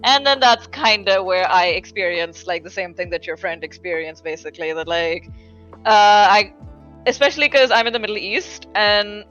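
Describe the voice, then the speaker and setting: Woman podcast guest with a slight accent, bright tone, dull lo-fi recording, rambles casually. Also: medium pitch, expressive, normal speed, soft background music. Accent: slight foreign accent. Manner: rambling, filler-heavy, frequent "like". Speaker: podcast guest, fighting game commentator. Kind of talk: casual chat.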